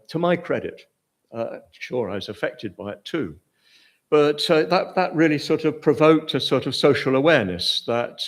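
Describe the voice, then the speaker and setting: Hesitant posh English older man lecturing. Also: mid-range voice. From Britain. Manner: hesitant, many fillers and restarts. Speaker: Buddhist teacher giving a talk. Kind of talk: informal lecture.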